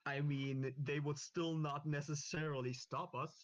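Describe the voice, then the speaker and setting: During a casual tabletop game with friends, a man playing along thinks out loud and counts through his moves. His voice is fairly high, his intonation fairly even, and his pace unhurried.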